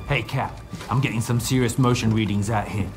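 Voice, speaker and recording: A man voicing a soldier with a South African accent in a video game who gives brisk reports to his captain. Music plays clearly under his lines. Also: on the low side, fairly even intonation, natural voice. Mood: urgent.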